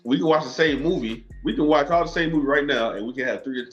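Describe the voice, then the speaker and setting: A man's voice: on the high side, fast, fairly bright tone. A man from South Carolina with a Southern accent, tipsy, rambling and swearing freely as a guest on a casual podcast. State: tipsy from drinking. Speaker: guest, movie reviewer. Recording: dull lo-fi sound with faint music.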